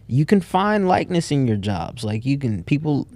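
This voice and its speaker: His voice sits in the mid range, sing-song and darkish, at a moderate pace with no room sound. He's an entrepreneur on a podcast, casually narrating his story and acting out what he and other people said.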